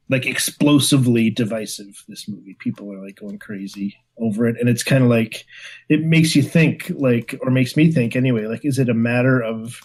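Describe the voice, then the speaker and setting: A man's voice: mid-range voice, a little mellow. A man co-hosting a casual podcast, thinking aloud in a hesitant way, full of "like". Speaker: podcast co-host. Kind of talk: casual chat.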